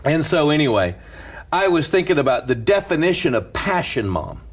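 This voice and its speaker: A man with a slightly husky voice tells a story as a pastor, lively and swinging up and down in pitch. He laughs often and slips into a rhythmic preaching cadence when he gets going. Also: normal speed. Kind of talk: storytelling sermon-style chat.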